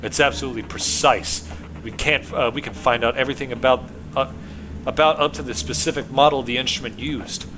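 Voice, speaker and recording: A man voicing a gruff male police detective who needles a suspect and bursts into shouted threats, with game music behind. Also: medium pitch, a little fast, close to an everyday voice. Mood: menacing.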